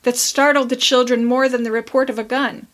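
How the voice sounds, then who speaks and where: A woman podcast host reading a classic story aloud with measured, expressive narration. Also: sits high.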